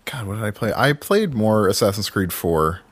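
A man's voice: on the low side, expressive, normal speed, breathy edge, dry recording. A man hosting a casual podcast chat, talking loosely with restarts and plenty of swearing. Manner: rambling, many restarts, swears freely. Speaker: podcast host.

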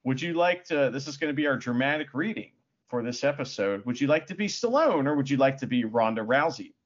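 A man's voice: mid-range voice, animated, fairly quick, lo-fi sound. A man co-hosting a casual film review podcast, sarcastic and swearing, with frequent laughs. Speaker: podcast co-host. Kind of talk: casual movie review chat.

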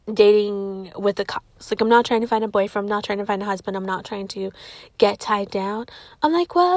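A woman's voice: fairly high pitch, no room sound. A young woman vlogging, rambling through a confessional story with plenty of swearing and "like". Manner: rambling, profane, heavy use of "like".

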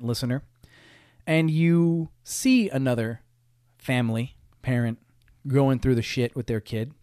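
A man's voice: medium pitch, darkish tone, no room sound, clean studio sound. A young man hosting a podcast, telling stories in a casual, rambling monologue that is wry and profane, full of restarts. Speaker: podcast host.

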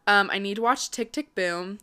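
A young woman talks straight to her viewers in a breezy, upbeat run of casual chat, scattering fillers as she goes. Her voice is smooth and clean, sitting at an ordinary middle pitch. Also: bright, forceful tone. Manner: chatty, quick and upbeat, lots of "like" and "um". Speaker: vlogger.

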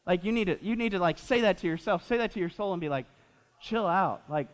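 A man's voice: sits high, fast talker. Young male pastor in a reverberant hall. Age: 20s. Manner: animated, repeats himself with fillers, jokes with the audience. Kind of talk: sermon. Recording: long reverb of a church hall.

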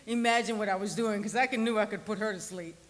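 A woman pastor, preaching a sermon in a conversational style that sometimes drops to a soft near-whisper for emphasis. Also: mid-range voice, fairly quick, long reverb tail. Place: church sanctuary.

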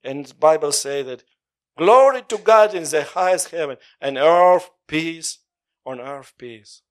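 Male preacher, slightly high pitch, animated, laughs between lines. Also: a little slow. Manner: animated, laughing often, call-and-response with congregation. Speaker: pastor. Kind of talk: sermon.

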